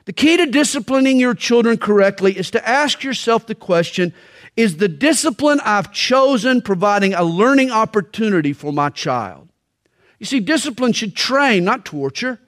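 A middle-aged man preaching a sermon on parenting, telling stories with dramatic pauses and slow, weighty emphasis. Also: high-pitched, lively intonation, a bit bright. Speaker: pastor.

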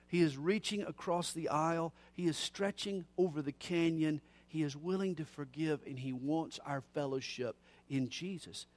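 A middle-aged man preaching a sermon, moving from soft, low passages to loud, slowed emphatic lines. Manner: builds from soft to loud, slowing on key phrases.

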